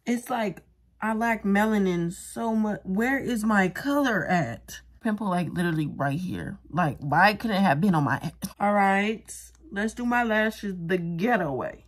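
A young woman talks straight to her viewers in a relaxed, joking way while doing a wig and lash tutorial, often poking fun at herself. Her voice is medium in pitch, with lively intonation and a measured pace.

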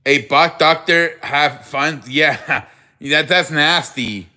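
A man's voice: fairly high pitch, slow pace, sharp tone. A man hosting a casual live show, joking and mock-offended with callers, sprinkling in Spanish words. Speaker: show host.

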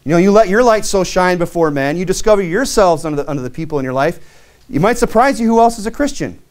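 A man's voice: expressive, fast talker. A man, a pastor, preaching a sermon in a plainspoken, earnest way with many conversational fillers. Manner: reads King James scripture aloud, rising in pitch on key verses.

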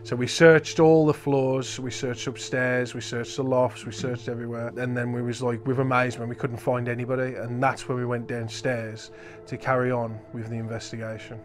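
A man exploring an old empty building on a ghost hunt, talking casually between hushed remarks and loud calls out. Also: medium pitch, flat delivery, moderate pace, few pauses, soft background music. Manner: hushed, then calling out loudly. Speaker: ghost hunter. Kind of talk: casual chat while exploring.

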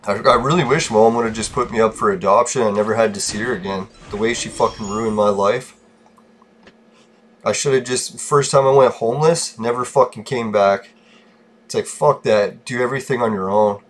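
A man's voice: lowish voice, normal speed, a little hiss or hum. A man podcasting alone, venting bitterly in a casual, profane rant. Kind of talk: casual ranting monologue.

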